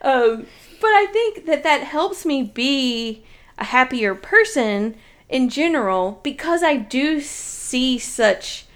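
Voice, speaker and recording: A chatty woman in her thirties, co-hosting a relaxed conversation. Her voice sits a little high, and she talks animatedly, laughing often as she tells everyday stories. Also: takes it slowly. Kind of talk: casual chat.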